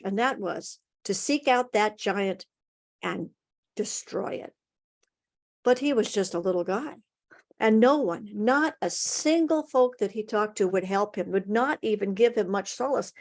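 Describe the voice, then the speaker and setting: Expressive woman telling a folktale. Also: on the high side. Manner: expressive, dramatic pauses and emphasis. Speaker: storyteller. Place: home, online story swap. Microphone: video call.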